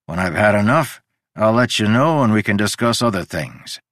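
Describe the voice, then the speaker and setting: A man plays a drunken braggart sprawled on the floor, his voice raised and rough. He blusters and slurs in a low, dry audiobook read. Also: animated, normal speed, dry recording. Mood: weary curious. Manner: slurring, loud, blustering. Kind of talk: audiobook character reading.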